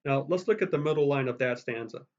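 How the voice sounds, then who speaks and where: A man's voice: medium pitch, quick pace. A man giving a college lecture on poetry, rambling with many restarts and tapping out meter aloud. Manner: rambling, full of restarts and fillers, sounds out meter with "da da". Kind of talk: recorded lecture. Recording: dull lo-fi sound.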